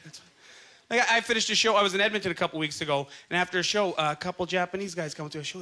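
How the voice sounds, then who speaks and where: A man's voice: high voice, rapid-fire. A Canadian man doing a stand-up comedy set on a club stage, talking animatedly and laughing through his punchlines. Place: comedy club stage before a live audience. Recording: live club set, loud crowd noise. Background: loud audience laughter.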